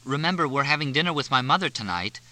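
A chatty young woman, eager and a touch uncertain, talking brightly about her wedding plans, as a male narrator voices her. Her tone is raised and lively, with a crisp, bright edge. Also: mid-range voice, fast talker, voice pushed up. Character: eager young bride-to-be, a little unsure.

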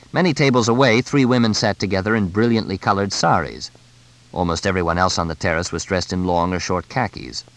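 A man narrating a novel as an audiobook, in a measured, descriptive storytelling manner. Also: on the low side, fairly bright tone, poor audio. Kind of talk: scripted narration.

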